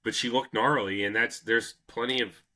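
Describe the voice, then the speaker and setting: A man hosting a casual history podcast, telling the story in a loose, profane, animated way. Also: medium pitch, normal speed. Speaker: podcast host.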